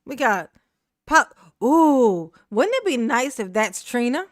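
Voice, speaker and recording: A woman's voice: on the high side, very animated, slow pace, no echo, clean studio sound. A woman doing brash, laughing, trash-talking commentary on a live stream.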